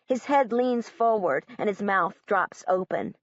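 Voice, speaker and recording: A woman's voice: mid-range voice, expressive, a little slow, hardly any pauses, no echo. A woman narrating an audiobook in the first person as a young girl, in a literal, matter-of-fact way. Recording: dull, dry audiobook recording.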